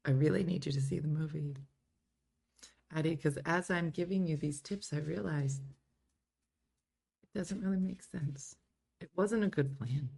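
A woman's voice: deep voice, unhurried, creaky, long pauses, mellow, breathy edge. A middle-aged woman hosting a casual show, chatting and giggling as she reads viewer comments aloud. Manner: giggly, chatty, breaks into playful put-on voices. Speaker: show host. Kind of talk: casual live chat reading viewer comments.

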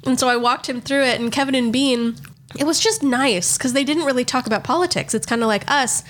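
A woman co-hosting a podcast, telling stories in a casual, animated way and laughing often. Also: sits high, fairly quick. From Southern California. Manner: animated storytelling with frequent laughs. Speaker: podcast co-host. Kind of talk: casual chat.

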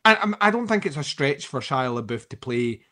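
A man's voice: mid-range voice, very animated, fairly quick, sharp tone. A man co-hosting a casual film chat, rambling, laughing often and swearing freely.

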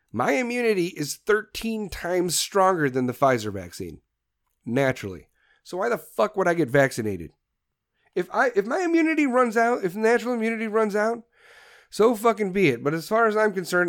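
Heated, profane man ranting. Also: high voice. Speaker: political commentator. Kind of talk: ranting monologue.

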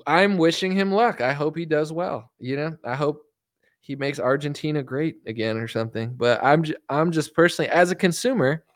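Male political streamer; casual sarcastic rant, lots of filler, slightly high voice, dry close recording. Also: a bit bright, no echo. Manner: rambling, sarcastic, heavy filler "like".

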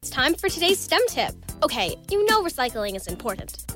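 A woman's voice: sits high, very animated, fairly quick. A woman announcer reading an upbeat public service spot in a peppy, cheerful way. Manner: bright, peppy. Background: light music.

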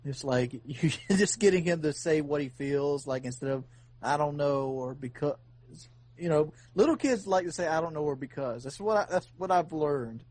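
A man's voice: a little high, moderate pace, a little mellow. A man hosting a casual podcast chat, telling a long earnest story with many restarts.

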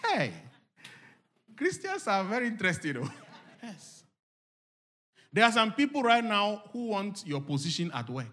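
Preacher guy with a bright, sharp voice, goes from mumbling to yelling at the church. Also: sing-song, unhurried, long pauses. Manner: swings from low murmurs to loud shouted exhortations; acts out quoted inner voices. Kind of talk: sermon.

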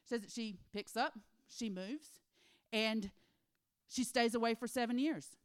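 A woman preaching a sermon, retelling a Bible story with animated voices for the characters and hushed, near-whispered emphasis. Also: fairly high pitch, a little slow, clean tone. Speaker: women's ministry speaker.

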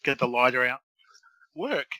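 A man's voice: medium pitch, big pitch swings, a little slow, crowd noise, low-quality recording. A man in his thirties co-hosting a casual podcast chat, teasing his co-host with crude banter.

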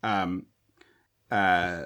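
A man's voice: low voice, little pitch movement, extremely slow, pushed and bright, clear, resonant tone. A man co-hosting a podcast, chatting enthusiastically about a film and acting out lines from it. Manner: enthusiastic, acts out quoted lines. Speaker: podcast co-host. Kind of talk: casual movie discussion.

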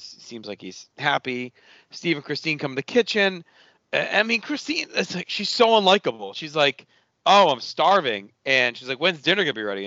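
Male podcast host, bright voice, dry dull-sounding recording, casual recap with voiced-out quotes. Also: mid-range voice, no echo. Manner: animated, swears casually, acts out characters' lines. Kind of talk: casual chat, recapping a TV episode.

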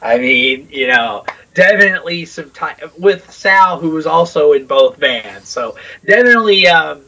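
A man co-hosting a podcast, chatting casually about music, animated and swearing freely, telling anecdotes. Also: a little high, unhurried, hardly any pauses, recorded from a distance, poor audio. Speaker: podcast co-host.

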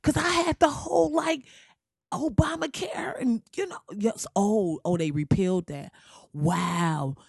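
A man's voice: high-pitched, unhurried, vocal fry, husky, no room sound, clean studio sound, exaggerated voice. A man putting on the voice of a bewildered former president, firing off incredulous questions and coughing. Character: bewildered ex-president man, returning to a ruined world.

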